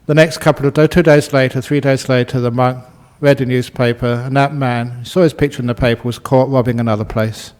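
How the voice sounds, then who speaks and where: A man who is a Buddhist monk giving a relaxed, humorous dharma talk and telling a story, often laughing. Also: medium pitch, brisk, hardly any pauses.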